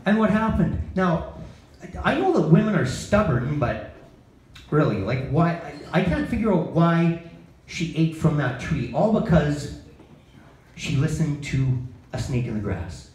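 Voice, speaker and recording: A man's voice: fairly high pitch, very animated, unhurried, darkish tone. Self-deprecating stand-up man, echoey bar. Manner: self-deprecating, asks the crowd questions. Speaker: open mic comedian. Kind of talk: stand-up set, then interview answers. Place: bar comedy night. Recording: echoey bar room, faint ambience.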